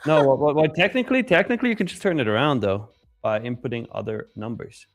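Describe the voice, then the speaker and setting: A man's voice: mid-range voice, quick pace, faint music behind. A man co-hosting a live trading stream, casual and asking questions, explaining trade setups.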